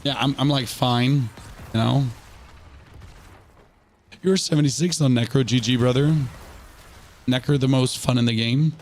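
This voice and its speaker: Hoarse guy streaming a game, joking around with chat, kinda rambly, stumbles over his words a lot. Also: mid-range voice, measured pace, long pauses, darkish tone, a little hiss or hum. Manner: rambling, joking, chatting to viewers with stammered restarts. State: hoarse from illness. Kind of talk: live gameplay commentary.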